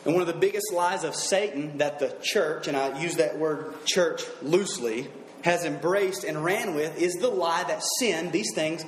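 A man preaching a sermon earnestly, reading scripture slowly and driving each point home with emphasis. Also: a little high, reverberant, slight background noise, rough recording.

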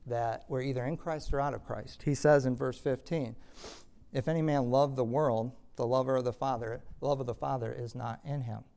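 A man preaching a sermon, moving between quiet, conversational explanation of scripture and loud, emphatic preaching. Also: medium pitch, smooth. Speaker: pastor.

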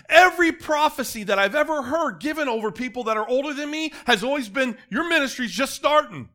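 A middle-aged man preaching a sermon, moving between quiet, close asides and loud, emphatic calls to the congregation. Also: very high voice, expressive, brisk, hardly any pauses.

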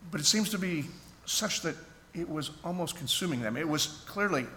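A man's voice: a little high, animated, normal speed, pushed and bright. A man pastor preaching a sermon in a church, earnest and conversational, often restarting his sentences. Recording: echoey hall, faint background noise.

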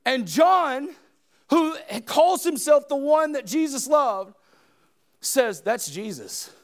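A preacher with a very high voice delivers a sermon in church. He swings from loud, shouted exhortation to soft, hushed retellings of the story. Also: animated, slow pace.

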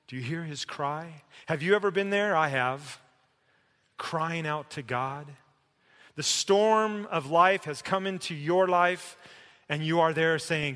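A middle-aged male preacher with a bright, forceful tone, pitched a little higher than most men. He swings from loud, emphatic declarations to hushed, pleading passages. The sound rings with the long reverb of a church sanctuary. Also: slow pace. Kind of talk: sermon.

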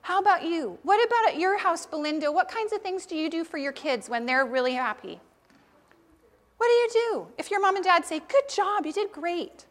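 A woman leading a children's sermon in church, asking the children lively questions and encouraging them. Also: very high-pitched, fairly quick, in a large hall. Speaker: pastor leading a children's talk.

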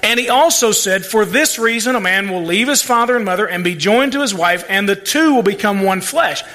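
A man's voice: high-pitched, fairly quick, few pauses, sharp tone. A male pastor preaching a sermon, folksy and plain-spoken, with asides and playful sarcasm. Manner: acts out quoted voices.

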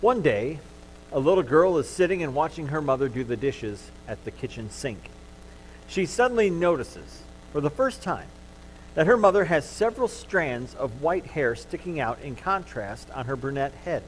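A man's voice: on the high side, normal speed, a little hiss or hum, rough recording. Pastor man preaching a sermon. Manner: animated storytelling, softening to gentle comfort. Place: church.

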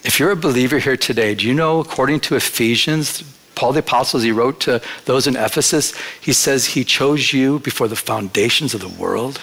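A man's voice: medium pitch, brisk, vocal fry, fairly bright tone, breathy edge. A male pastor preaching a sermon in church, in a conversational storytelling manner that slips into acted quotes.

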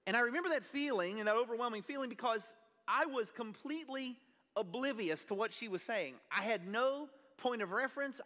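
A pastor preaching a sermon, telling a personal story in an earnest, conversational way. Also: male voice, high-pitched, sharp tone. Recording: long reverb of a large hall.

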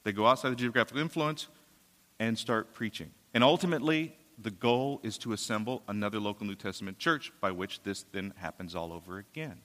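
A man's voice: fairly low pitch, fairly quick, a bit bright. Man preaching in a reverberant hall. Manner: casual storytelling, paraphrasing scripture. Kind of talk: sermon.

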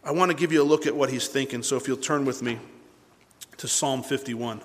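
A male pastor preaching a sermon, animated, swinging between loud bursts and hushed asides. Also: medium pitch, fairly quick, big-room sound.

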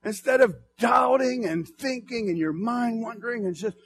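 A male pastor preaching a sermon to his church, swinging from soft murmurs to fervent shouts. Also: very high-pitched, normal speed, creaky.

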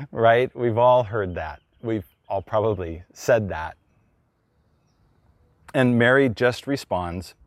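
A man's voice: on the low side, no echo, studio quality. A middle-aged man, a pastor, preaching a conversational sermon and acting out the people he quotes.

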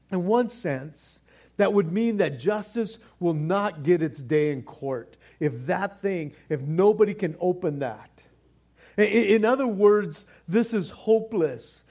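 A man preaching a sermon in an animated, casual way, repeating words for stress and dropping in slang. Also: high voice. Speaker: pastor.

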